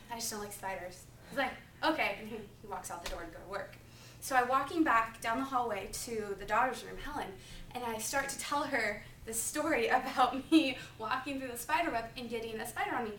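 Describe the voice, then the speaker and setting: Bright-voiced young woman preaching in a classroom. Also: fairly high pitch, slight background noise. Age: 20s. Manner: chatty, animated, filler-heavy with lots of "like". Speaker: preaching student. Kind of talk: topical sermon with personal storytelling. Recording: echoey classroom, mic far off.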